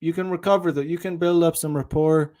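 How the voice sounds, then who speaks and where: A man's voice: a little high, steady tone, fairly quick, dark tone. A young man giving dating advice in a casual, rambling monologue, with many restarts, acting out bits of dialogue.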